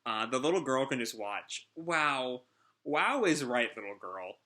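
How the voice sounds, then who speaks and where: A man's voice: mid-range voice, lively intonation, a little slow, pushed and bright. A man chatting casually through a live manga chapter reaction, enthusiastic and full of fillers.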